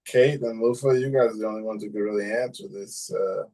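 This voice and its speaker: A man hosting a casual podcast chat, reading listener comments aloud in an even delivery. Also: on the low side, a little fast. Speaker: podcast host.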